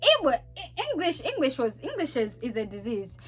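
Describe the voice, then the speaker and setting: Lively young Zambian woman. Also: high voice, brisk, husky. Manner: animated, laughing, acts out voices. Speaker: vlogger. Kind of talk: casual storytelling to camera.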